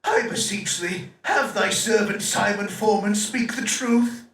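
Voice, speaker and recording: High-voiced devout Elizabethan patient, solemn game role, roomy distant audio. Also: male voice, unhurried, a bit bright, a little hiss or hum. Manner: solemn, prayerful, old-fashioned speech. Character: pious ailing Elizabethan man, devout and grave.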